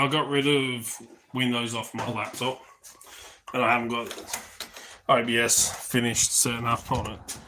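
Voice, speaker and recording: A man's voice: mid-range voice, noisy background. A man hosting a casual live stream, rambling along with lots of ums and restarts, laid-back and swearing offhandedly.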